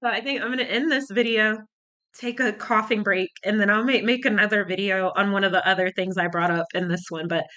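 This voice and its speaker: Woman, casual vlog talk, rambling, searching for words, winded from a cold, bright voice. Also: mid-range voice, steady tone, brisk, muffled recording. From United States. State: recovering from a cold, short of breath. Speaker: YouTuber.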